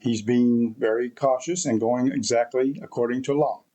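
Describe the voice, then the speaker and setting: A man's voice: medium pitch, steady tone, normal speed, warm tone, muffled recording. A man giving a rambling, emphatic opinion monologue to camera, repeating his points often. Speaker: vlogger.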